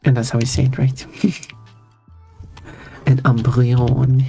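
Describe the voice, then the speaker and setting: A streamer chatting casually during a drawing session, talking slowly and unhurriedly at a mid pitch. Sentences often stall, restart and trip over themselves while the streamer reads out and answers chat messages. Soft music plays faintly underneath. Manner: rambling, frequent restarts and stammers. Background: faint background music.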